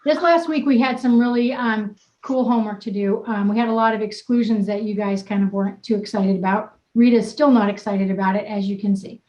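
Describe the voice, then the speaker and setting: A woman's voice: mid-range voice, fairly even intonation, a little fast, few pauses, darkish tone, echoey room, low-quality recording. A woman wellness coach leading a group video call in an upbeat, teasing, blunt manner. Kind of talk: casual coaching chat.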